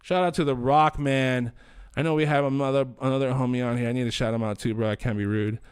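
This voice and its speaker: A man's voice: medium pitch, steady tone, fast talker, clear, resonant tone. Slangy man hosting a livestream. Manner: slangy, rambling, swears a lot. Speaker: livestream host. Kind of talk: casual livestream chat.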